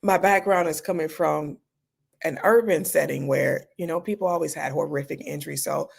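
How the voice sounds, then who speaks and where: Gravelly-voiced woman physician telling stories. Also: low-pitched, normal speed. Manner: animated, acts out her own reactions. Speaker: emergency room physician, guest. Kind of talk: casual storytelling in an interview.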